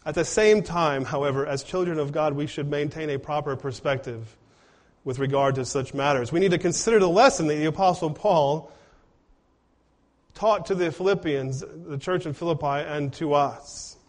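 A man's voice: fairly high pitch, normal speed. A man preaching a sermon in an earnest way, often putting rhetorical questions to his congregation. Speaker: pastor.

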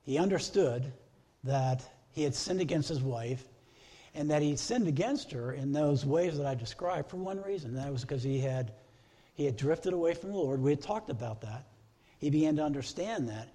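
A man's voice: fairly high pitch, animated, moderate pace, dark tone, breathy edge. A middle-aged man preaching a sermon as pastor, earnest, stacking repeated phrases into lists.

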